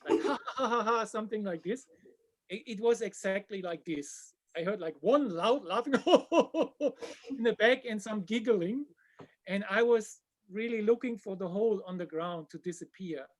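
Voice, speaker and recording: In casual conversation, a man whose voice sits high animatedly recounts a funny story from tour. When the embarrassing parts come, he lowers his voice to a hush.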